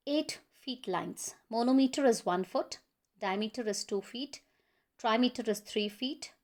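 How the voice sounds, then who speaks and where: Indian woman reading lecture notes slowly. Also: a little high. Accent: Indian English. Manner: slow, measured reading of a textbook passage. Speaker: college lecturer.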